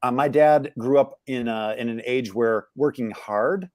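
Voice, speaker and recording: A man's voice: medium pitch, unhurried, a little mellow, dry recording. Man, middle-aged, interview guest, candid, searching, reflective, dry sound. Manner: candid, searching, many restarts and fillers. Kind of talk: reflective personal storytelling.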